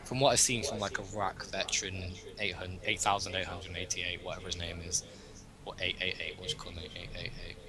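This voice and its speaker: A man's voice: low voice, flat delivery, brisk, a crowd in the background, poor audio. A young man hosting a casual political chat, rambling and opinionated as he thinks aloud. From Britain. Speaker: host.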